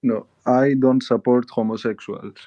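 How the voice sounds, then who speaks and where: A Nigerian-accented man argues hard, tripping over his words and repeating himself as he pushes back. His voice sits at an ordinary middle pitch, and the sound is dry and a little dull, like a call in an online room. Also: steady tone, a little slow, dry recording. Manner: stammers and repeats words when interrupted. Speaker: debate caller. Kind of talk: heated argument.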